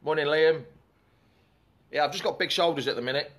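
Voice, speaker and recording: A man's voice: a little high, fairly quick, fairly bright tone. A man hosting a live fan chat show in a chatty, rambling way, breaking off to greet commenters.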